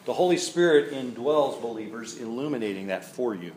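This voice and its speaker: A man's voice: mid-range voice, lively intonation, a little fast, darkish tone. A male pastor preaching a sermon in a church, reading scripture aloud and then explaining it in a conversational way that keeps checking in with "right?". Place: church sanctuary. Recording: roomy echo, faint background noise.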